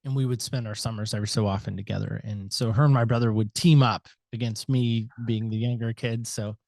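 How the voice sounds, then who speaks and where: A middle-aged American man, a podcast guest, telling a personal story with animated reenacted dialogue and "so anyway" asides. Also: on the low side, a little fast, gravelly, no room sound, clean studio sound. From United States.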